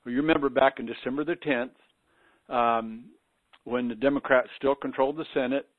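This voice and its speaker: A man speaking as a guest on a radio talk show, deliberate, with many hesitations. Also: medium pitch, fairly even intonation, dry recording. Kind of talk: conversational commentary. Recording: dry, narrow phone-like radio sound.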